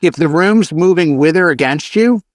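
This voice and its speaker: A chatty man with a slightly higher voice swaps stories in a convention hallway. He talks casually and drops into quick mock announcements. The sound is dry and close, with no room echo. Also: animated. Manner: storytelling, chatty, acts out his announcements. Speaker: DJ show host. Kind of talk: casual chat.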